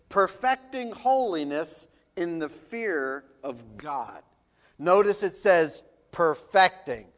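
A male pastor with a high voice delivers a sermon at a slow, deliberate pace. He reads scripture aloud and presses rhetorical questions, swelling to loud emphasis and then dropping low and quiet.

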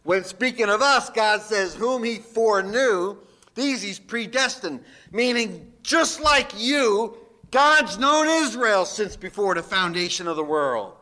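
A man's voice: sits high, expressive, slow, bright, forceful tone. A man, a pastor, preaching a sermon in a folksy, emphatic way with jokes.

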